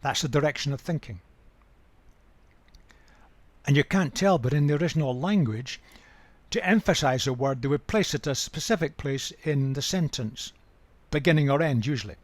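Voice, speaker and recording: An older man giving a Bible study talk, measured and emphatic, repeating key words for weight. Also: on the high side, no room sound. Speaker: Bible teacher.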